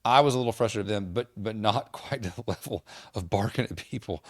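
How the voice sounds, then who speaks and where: A man co-hosting a podcast, talking in a measured, wry way and steering clear of swearing. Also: on the low side, no room sound, clean studio sound. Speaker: podcast co-host. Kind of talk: casual chat.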